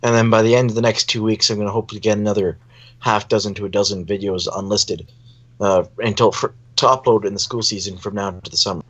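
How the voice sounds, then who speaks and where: A man from Canada, a podcast guest, talking casually in a slow, easygoing way. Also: lowish voice, fairly even intonation. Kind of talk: casual chat.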